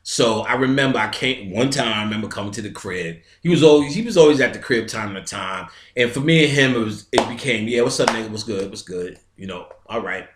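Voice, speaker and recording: A man's voice: lowish voice, fairly quick, few pauses. Streetwise New man, roomy echo. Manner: streetwise, profane, imitates sounds and other voices. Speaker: metaphysical lecturer. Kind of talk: casual storytelling lecture.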